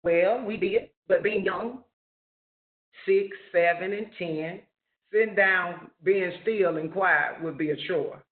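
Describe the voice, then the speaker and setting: A man telling a personal family story in an earnest, storytelling way on a webinar call. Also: high-pitched. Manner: slow, earnest storytelling with rising questions. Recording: roomy, phone-like lo-fi webinar audio.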